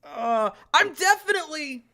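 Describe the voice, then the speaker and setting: A woman's voice: high voice, normal speed. A woman streamer playing a visual novel live, reading its text aloud and ranting in exasperation about its grammar, often swearing. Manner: reads game text aloud in a flat voice. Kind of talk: live-streamed game playthrough with commentary.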